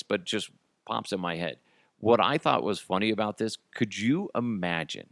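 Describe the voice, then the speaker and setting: A man's voice: sits low, a bit bright, no room sound. A man hosting a comedy podcast, rambling through crude jokes and laughing at his own bits. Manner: tosses in goofy character voices. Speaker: podcast host.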